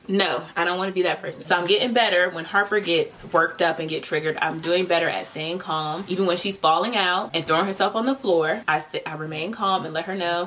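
Candid woman in her thirties, lower voice. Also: steady tone, brisk, a bit bright. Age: 30s. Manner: candid and conversational, building points in short lists. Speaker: podcast host. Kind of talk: casual solo podcast monologue.

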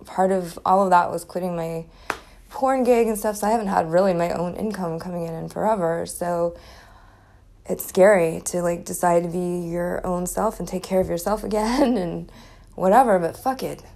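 A podcast host in her forties chats casually on her solo show, candid and swearing a lot, laughing often, with a slight lisp from a chipped tooth. Her lowish, creaky voice is steady and darkish at a normal speed.

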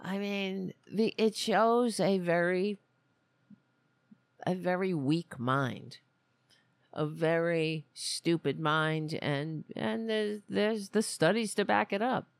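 Blunt, rambling podcast host with a gravelly voice. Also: mid-range voice, takes it slowly, dry recording. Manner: blunt, rambling, with many restarts. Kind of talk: casual political commentary. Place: lives in Queens, New York.

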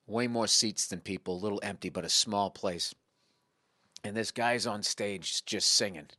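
A man who is a guest comedian, telling a profane anecdote in a casual, animated podcast chat. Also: on the low side, normal speed, no room sound, clean studio sound.

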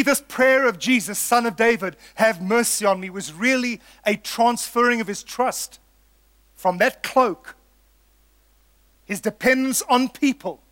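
A man with a high voice delivers a sermon. He speaks earnestly and with emphasis, returning again and again to key lines. He calls his listeners folks. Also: fairly bright tone, dry recording. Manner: earnest, emphatic, builds with repetition. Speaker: preacher.

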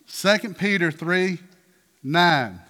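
A man preaching a sermon as pastor, asking the congregation questions and breaking into loud, emphatic bursts. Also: high-pitched, animated, slow pace. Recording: reverberant hall with faint music.

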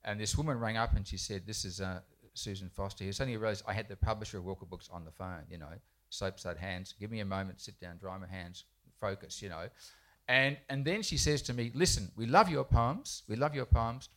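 A chatty children's poet on a festival panel shares a story with a live audience in an indoor bookshop event space, poking fun at himself and frequently starting over. His voice sits low, fairly bright in tone, and he talks fairly quickly.

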